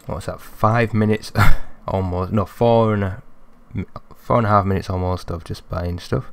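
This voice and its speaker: Gravelly young man gaming. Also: low-pitched, normal speed. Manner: chatty, thinks aloud, gets excitable. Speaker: gaming commentator. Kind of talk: let's play commentary.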